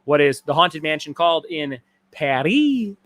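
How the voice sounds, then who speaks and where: This trivia host, streaming casually from his garage, kids around and reads out comments from viewers between questions. He speaks a little slowly in a slightly high, somewhat bright voice with big swings in pitch.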